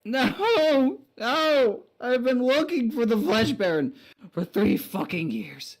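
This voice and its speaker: A man's voice: very high-pitched, animated, slow, pitched above the performer's own voice, exaggerated voice. A man playing a weary, foul-mouthed undead knight in a tabletop game, rambling and swearing freely. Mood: rueful. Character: weary crude male undead knight, brought back. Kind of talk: tabletop role-play in character.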